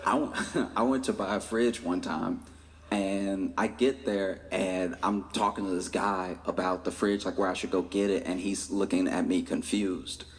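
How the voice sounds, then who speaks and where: A man's voice: sits low, steady tone, normal speed. A stand-up comedian, a man, telling a story in a conversational way and briefly acting out other people's voices. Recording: reverberant stage audio with faint noise.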